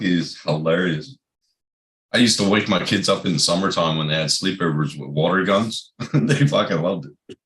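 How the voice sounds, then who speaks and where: A man's voice: low-pitched, moderate pace, fairly bright tone. A middle-aged man and father telling funny stories in casual chat, swearing often and laughing. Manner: profane, laughing storyteller.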